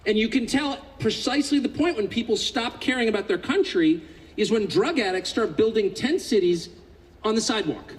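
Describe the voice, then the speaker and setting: Animated, sarcastic man from California. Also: high voice, normal speed, low-quality recording. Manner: sarcastic, mocking, builds to indignant outbursts. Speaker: public speaker. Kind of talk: political speech to a live audience.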